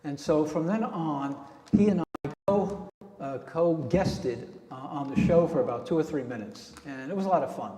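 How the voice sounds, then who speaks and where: A man with a mellow, slightly high voice rambles through a chatty story at a club meeting. The sound comes from a roomy hall with a long, hanging reverb. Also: normal speed. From New Jersey. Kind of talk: casual meeting talk.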